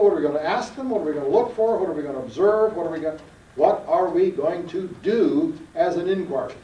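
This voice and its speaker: A man's voice: fairly high pitch, fast talker, dark tone, lo-fi sound. Folksy male lecturer on a distant, roomy tape. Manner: folksy, emphatic, quizzes the class. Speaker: seminar lecturer. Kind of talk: classroom lecture with questions to students. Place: lecture room.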